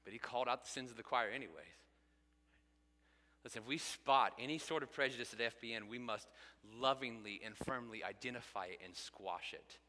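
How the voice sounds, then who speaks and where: A man's voice: medium pitch, brisk, bright, forceful tone. A man in his thirties, a pastor preaching an earnest sermon that builds to emphatic peaks. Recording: long hall reverb.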